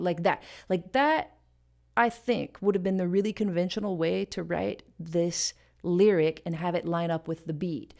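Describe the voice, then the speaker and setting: A woman's voice: lowish voice, expressive, normal speed, a little mellow. A woman hosting a casual music lesson, explaining rhythm and stopping to sing and beatbox short examples. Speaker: music teacher and channel host.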